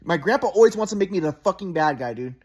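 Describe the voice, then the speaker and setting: Rambling agitated fast-talking man. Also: sits high, animated. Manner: rambling, repetitive, agitated, swears. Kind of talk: casual monologue.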